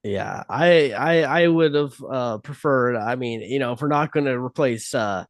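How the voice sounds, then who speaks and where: A man's voice: mid-range voice, a little slow, no echo. A man co-hosting a podcast in casual chat, talking loosely with many fillers. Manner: loose, filler-heavy talk. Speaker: podcast co-host.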